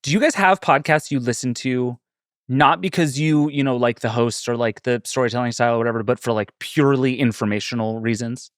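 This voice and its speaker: A male podcast host in casual conversation, talking fast and with animation as he tells stories. His voice sits at a middle pitch and sounds close and dry, with no room around it. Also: dry recording. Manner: quick-talking, animated storyteller. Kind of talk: casual chat.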